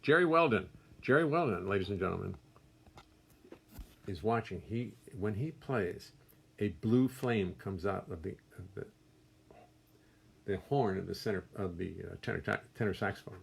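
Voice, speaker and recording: The voice sits low, gravelly and slightly rough, at a normal speed broken by long pauses. It belongs to an older man hosting a casual livestream from his music studio, chattily reading viewers' names and greeting them warmly with wry jokes at his own expense.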